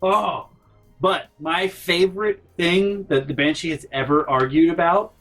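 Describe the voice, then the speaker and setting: A man hosting a gaming channel, telling a rambling, exasperated story and swearing freely, jumping into loud mock yells. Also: on the high side, unhurried, soft background music. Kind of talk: storytime over gameplay.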